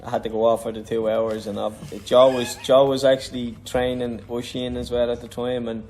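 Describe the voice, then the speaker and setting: A man's voice: medium pitch, little pitch movement, normal speed, darkish tone. Irish man, ex-boxer guest, rambling easygoing storyteller, mid-range voice, light hiss. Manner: rambling, easygoing, laughs often. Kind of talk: casual storytelling.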